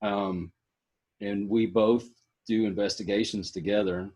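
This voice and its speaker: A man's voice: lowish voice, fairly even intonation, a little slow, a little mellow, husky. Easygoing joking man host. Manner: easygoing, joking, laughs often. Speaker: podcast host. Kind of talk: casual interview chat.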